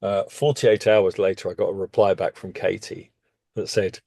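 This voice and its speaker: A man, a guest telling a story in casual conversation, animated and often leaping suddenly up in pitch. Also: normal speed, creaky, no echo. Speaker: interview guest.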